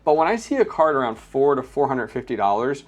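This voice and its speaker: A man's voice: medium pitch, big pitch swings, fairly quick. A man hosting a casual unboxing vlog, chatting and explaining hardware step by step with frequent fillers. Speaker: crypto mining channel host.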